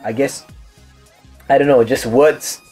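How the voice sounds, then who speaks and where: A man's voice: mid-range voice, slow, faint music behind. A young man from Singapore with a Singaporean accent, chatting casually at home as he answers viewer questions. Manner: relaxed, chatty, explains with examples. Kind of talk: casual chat. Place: room at home with hobby figurines.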